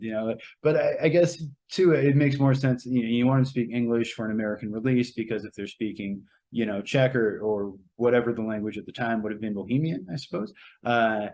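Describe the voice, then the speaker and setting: A man's voice: medium pitch, a little fast, a little mellow. A man giving a casual, rambling spoken movie review, with many fillers and restarts. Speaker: movie reviewer, show co-host.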